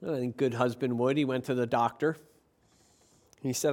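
A man preaching as a pastor, reading scripture and telling jokes in an animated, swinging delivery. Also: mid-range voice, normal speed, pauses often. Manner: animated, jokey storytelling, swings from quiet to loud. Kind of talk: sermon with Bible reading and jokes.

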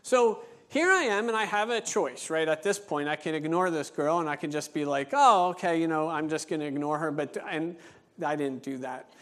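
A male pastor preaching a sermon, telling a story with lively acted-out dialogue, then slowing into an earnest teaching tone. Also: on the high side. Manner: animated storytelling, acting out dialogue; slows down and turns earnest for teaching points.

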